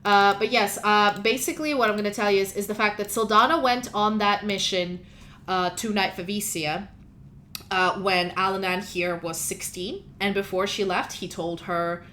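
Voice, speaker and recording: A woman narrating as game master of a tabletop role-playing game, chatty and animated. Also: medium pitch, moderate pace, slight background noise.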